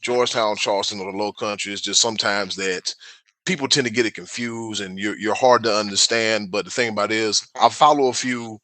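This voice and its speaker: A man with a South Carolina accent chatting easily as a podcast co-host. His voice sits fairly low but comes across bright and forceful. He tells stories in a relaxed, joking way, recorded dry and close. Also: a little fast, dry recording. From South Carolina, USA. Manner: animated storyteller, laid-back and joking. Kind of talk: casual chat.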